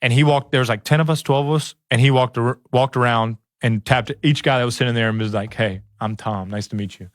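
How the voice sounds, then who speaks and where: A man in his thirties, a podcast guest, telling a story in relaxed casual talk with lots of "like" and "you know". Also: mid-range voice, fast talker, few pauses, no room sound, clean studio sound. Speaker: podcast guest, former football player.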